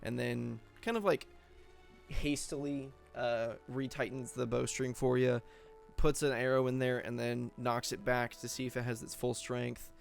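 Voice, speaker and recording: Male game master, gravelly mid-pitched voice, loose rambling narration, faint music underneath. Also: little pitch movement, normal speed. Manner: rambling, filler-heavy narration.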